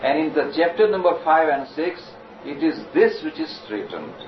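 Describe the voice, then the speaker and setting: A man giving a measured, explanatory scripture lecture and slowly reciting Sanskrit verses. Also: a little high, sing-song. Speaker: spiritual lecturer. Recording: distant, roomy, dull lo-fi recording with noise.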